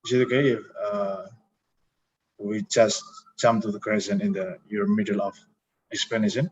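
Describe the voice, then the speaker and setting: A man's voice: lowish voice, little pitch movement, normal speed, lo-fi sound, slight background noise. A man moderating an online talk, polite and brief over a video call.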